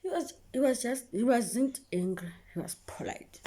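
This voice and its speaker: A woman's voice: fairly high pitch, lively intonation, normal speed, dark tone, slight background noise. A young woman telling an emotional story to her viewers, often dropping into a whisper and repeating herself. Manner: repetitive, keeps addressing viewers. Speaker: vlogger.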